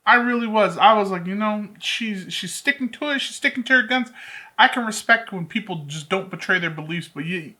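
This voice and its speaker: A man's voice: high voice, animated, a little fast, bright, forceful tone. A young man hosting a reaction video, joking and rambling as he comments straight to his viewers. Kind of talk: casual commentary reacting to a reality show clip.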